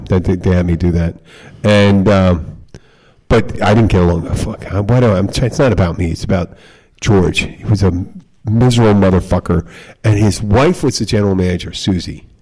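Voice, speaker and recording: In a warm, low voice that runs a little fast, the bartender-turned-podcast-host casually spins a wandering, foul-mouthed bar anecdote. He acts out the quoted lines along the way.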